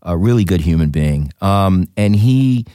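A man's voice: low-pitched, a little slow, dry recording, studio quality. A man, an actor, chatting casually in an interview and telling stories with lots of fillers. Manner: animated, storytelling with many fillers. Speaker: actor guest.

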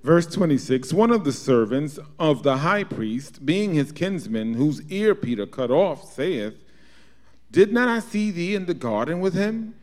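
A man with a fairly high voice reads old-fashioned Bible verses aloud in class. His pitch moves a lot, though his reading stays steady. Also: measured pace. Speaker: scripture reader in class.

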